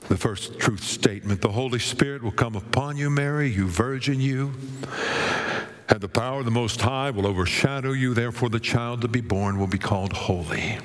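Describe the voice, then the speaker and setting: A man preaching a sermon with great drama, swinging from ringing, sung-out high lines to low, hushed words. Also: moderate pace. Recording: long hall reverb.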